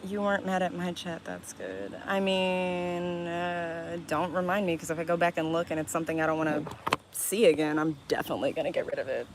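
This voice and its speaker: A young woman live-streaming, chatting casually with her viewers, reading their comments aloud and answering bluntly with a lot of swearing and quick laughs. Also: on the low side, background noise. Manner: blunt and profane, reading chat aloud and snapping back; quick laughs and sudden loud outbursts.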